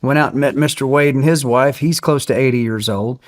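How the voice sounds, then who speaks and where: A man guest telling a story in casual conversation, animated and acting out the people he quotes. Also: medium pitch, brisk. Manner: animated, acts out quoted voices.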